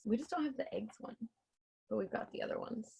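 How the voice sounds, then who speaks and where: A woman hosting and reading a children's picture book aloud in an enthusiastic, animated way. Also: fairly high pitch, fast, gravelly, slight background noise. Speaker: storybook reader and host.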